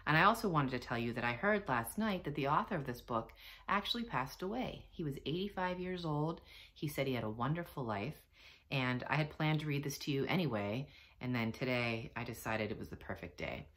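A woman teacher reading a storybook aloud to children from home, expressive and gentle. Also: a bass voice, a little fast.

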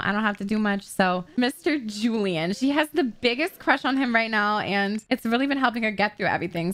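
A woman giving casual let's-play commentary, excitable and gossipy, swearing freely. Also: a little high. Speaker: gaming YouTuber.

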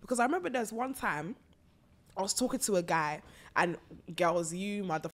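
A young woman hosts a casual chat in a mid-pitched voice. She is playful and teasing, and she talks through a cold. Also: animated, fairly quick. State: has a cold.

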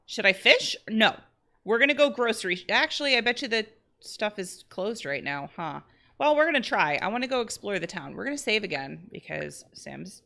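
Bubbly, bright-voiced woman streamer. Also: medium pitch, normal speed, creaky. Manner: bubbly, excitable, chatty with chat. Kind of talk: live-streamed game commentary.

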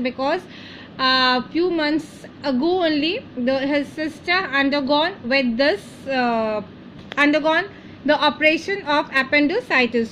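A woman's voice: sits high, fairly bright tone, slight background noise, rough recording. A woman teacher, reading a chapter aloud and explaining word meanings as she goes. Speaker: English teacher.

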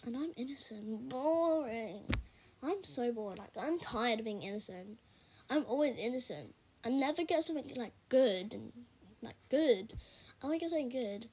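A high-voiced young woman talks through a game for her video, rambling along in a loose, chatty way and breaking into loud bursts of excitement. A faint noise sits under the recording. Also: normal speed. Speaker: gaming video creator. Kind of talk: casual gameplay commentary.

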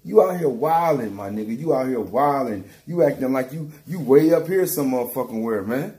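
A man's voice: medium pitch, animated, fairly quick, dark tone. A man giving a heated, profane commentary rant, repeating himself and calling someone out directly. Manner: heated, repetitive, calls out directly. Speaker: battle rap commentator.

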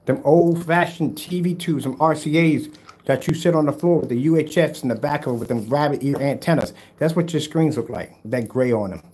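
This DIY projector screen paint host talks a little fast with a slightly high, darkish voice, and there's some faint background noise. On his casual livestream he answers viewer comments, ribbing and trash-talking the people watching before mock-comforting them.

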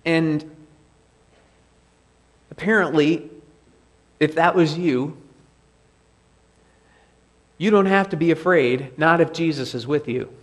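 Slow, deliberate male preacher. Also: on the high side. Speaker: pastor. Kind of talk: sermon. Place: church sanctuary.

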